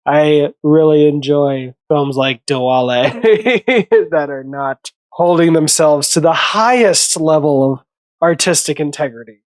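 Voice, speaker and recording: A man's voice: fairly high pitch, takes it slowly, no echo. A man hosting a casual movie commentary, rambling, correcting himself and laughing often.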